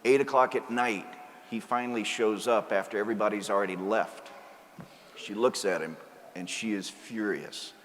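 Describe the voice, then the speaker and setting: A man's voice: fairly low pitch, moderate pace, fairly bright tone, a little hiss or hum. A male priest giving a sermon, telling a joke story and then preaching earnestly. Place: large cathedral. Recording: cathedral reverb, faint ambience.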